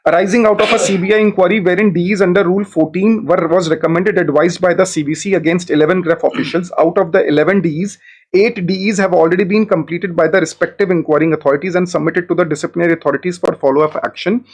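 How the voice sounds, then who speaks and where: A man arguing his own case before judges in a courtroom, deferential and formal, repeatedly addressing the bench, growing insistent as he presses his point. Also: high-pitched. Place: courtroom, live-streamed hearing.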